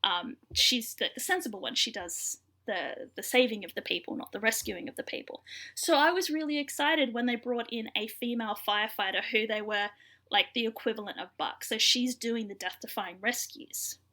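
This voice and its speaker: Bright-voiced woman recapping a TV episode. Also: fairly high pitch, moderate pace. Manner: chatty storyteller, frequent fillers. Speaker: podcast co-host. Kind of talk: casual episode recap chat.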